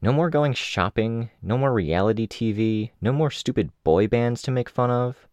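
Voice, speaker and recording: A man's voice: mid-range voice, normal speed, darkish tone, no room sound, voice pushed up, lightly acted. A man voicing a flippant, teasing young woman who talks in chatty, mocking banter in an audiobook. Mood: wistful joking.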